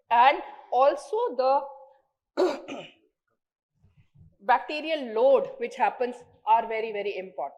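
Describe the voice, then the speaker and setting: A woman's voice: a little high, low-quality recording. Indian woman giving a medical lecture. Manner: earnest, explanatory, stresses key words by repeating them. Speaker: doctor giving a conference lecture.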